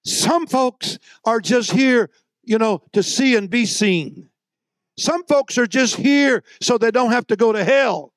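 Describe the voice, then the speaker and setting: A man preaching a sermon, moving between soft, low storytelling and loud, shouted exhortation. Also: slow pace, dry recording, clean studio sound.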